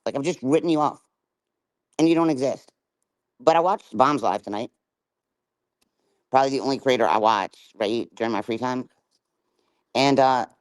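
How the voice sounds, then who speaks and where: A woman's voice: very deep voice, darkish tone, no room sound, rough recording. A middle-aged woman on a livestream, ranting in a confrontational, taunting way and swearing hard. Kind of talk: livestream rant.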